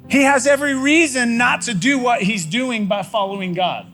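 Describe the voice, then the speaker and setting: A man's voice: very high voice, normal speed, hardly any pauses, a bit bright, faint music behind. A man preaching a sermon in a conversational, folksy way, often repeating phrases for emphasis. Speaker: pastor. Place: church sanctuary.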